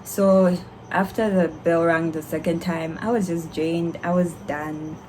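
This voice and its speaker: A young woman, a doctor, telling a candid, animated story to her vlog viewers with frequent laughter. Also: on the low side, measured pace, slight background noise, rough recording. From Zambia.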